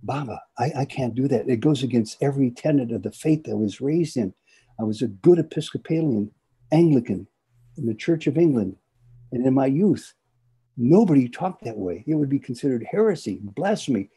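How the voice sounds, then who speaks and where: A devout, very old Englishwoman, flustered and reluctant, who pleads in halting starts. A man puts her on with a dark, husky, mellow voice, kept quiet and soft. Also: medium pitch, animated. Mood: pleading, reluctant.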